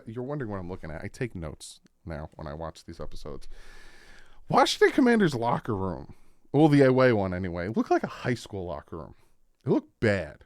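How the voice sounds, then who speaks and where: A young adult man hosting a casual sports reaction, telling the story in an animated way and acting out what people said. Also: fairly low pitch, no room sound, studio quality. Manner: animated storytelling, acts out quotes.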